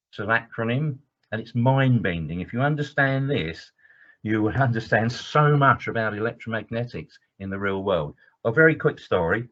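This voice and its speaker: A man with a lowish, slightly bright voice teaches a webinar lecture as an engineering trainer. He's enthusiastic and digressive, using many fillers. The webinar audio is dull and lo-fi.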